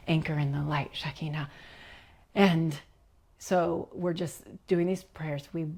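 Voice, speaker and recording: A woman guest recounting a personal experience in an interview, animated and giggly, acting out quotes and dropping to a whisper at tense moments. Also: on the low side, creaky, breathy edge. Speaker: leadership coach, guest. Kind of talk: personal storytelling in a podcast interview.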